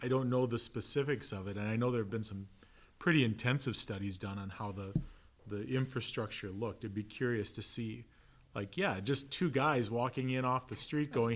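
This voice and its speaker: In a church classroom, a male pastor leads a relaxed Bible class with an Upper Midwest American accent and a mid-range voice. He keeps it conversational and joking, asks "right?" often, and acts out quick voices.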